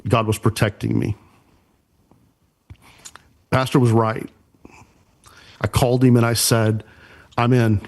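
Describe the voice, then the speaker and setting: A man's voice: mid-range voice, level tone, slow, gravelly, long pauses, darkish tone. A man, a church production pastor and podcast guest, earnestly telling an emotional personal story.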